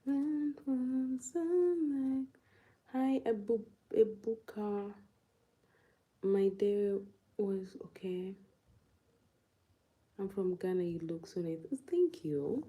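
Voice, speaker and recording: A woman's voice: medium pitch, lively intonation, slow pace, pauses often, mellow, rough recording. A young woman from Uganda chatting casually on a livestream, laughing often and answering viewer comments. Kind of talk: casual live-stream chat.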